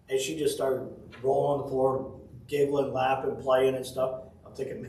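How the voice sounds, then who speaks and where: A man's voice: mid-range voice, normal speed, a little mellow, a little hiss or hum. A man giving a casual devotional sermon, telling folksy family stories with chuckles. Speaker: pastor. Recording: roomy audio from a distant mic.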